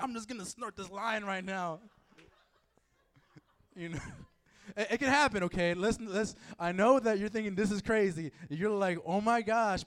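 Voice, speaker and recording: Male youth pastor, fairly high voice, casual sermon full of jokes and asides. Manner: joking, playful asides to the audience.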